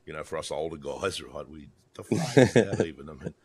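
Gruff deep-voiced Australian man in his sixties. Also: animated, a little fast, crowd noise. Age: 60s. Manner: blunt, profane, laughs often. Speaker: podcast guest, motorcycle writer. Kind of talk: casual video-call chat. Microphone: video call.

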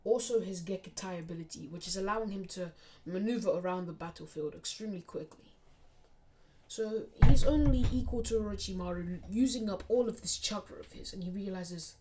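A woman's voice: medium pitch, a little fast, warm tone, a little hiss or hum. A young woman casually narrating a fan-made anime story, often dropping to a near whisper.

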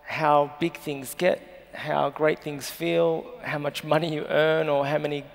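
On a festival stage with long hall reverb, an Australian journalist in his thirties speaks earnestly and emotionally as a guest in a live interview. His voice is fairly high and creaky, with a flat delivery at a measured pace.

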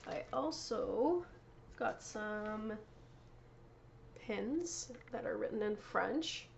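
A woman's voice: medium pitch, expressive, extremely slow, creaky, a little hiss or hum. A woman hosting a knitting podcast, chatting casually and showing off her yarn and prizes, often correcting herself and laughing. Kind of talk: casual show-and-tell chat.

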